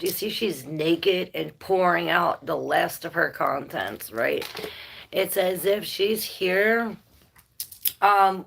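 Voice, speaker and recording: A woman's voice: lowish voice, creaky, husky. A woman giving a casual, rambling tarot reading, thinking aloud and laughing and swearing now and then. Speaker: tarot reader.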